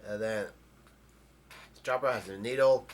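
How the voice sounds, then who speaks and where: A man casually summarizing the plot of a comic chapter, with halting speech full of ums, uhs and restarts. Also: fairly low pitch. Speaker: manga chapter recapper.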